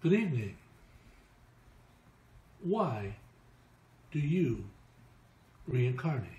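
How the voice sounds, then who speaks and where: A man channeling a message from spirit guides, dragging out each word with long pauses between them. His pitch swings up and down widely as he goes. The room around him sounds roomy and echoey. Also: sing-song, mellow. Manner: halting, drawn-out words with long pauses. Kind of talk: slow deliberate channeled message.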